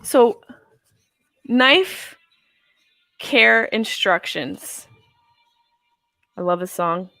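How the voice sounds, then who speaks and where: A woman's voice: medium pitch, lively intonation, extremely slow, gravelly, pauses often, pushed and bright, dry recording, faint music behind. A woman in her thirties hosting a live movie watch-along from home, rambling and joking with crude humor while stoned. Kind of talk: casual live-stream chat. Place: house, at home.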